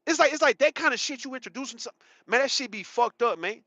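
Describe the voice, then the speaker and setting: A man's voice: very high-pitched, animated, fast talker, pushed and bright, no room sound. A man in his thirties giving a rambling, profane, emphatic casual commentary monologue, often repeating himself. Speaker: commentary channel host. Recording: dull, muffled sound.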